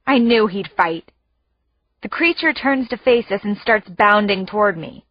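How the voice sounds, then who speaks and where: A woman narrating an audiobook in the first person with tense, hushed storytelling. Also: mid-range voice, animated, unhurried, dry recording, dull audio.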